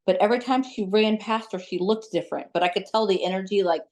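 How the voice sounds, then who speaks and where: A woman who works as a psychic medium, telling stories as an interview guest in a chatty, animated way with lots of fillers. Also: mid-range voice, quick pace. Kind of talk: casual storytelling in an interview.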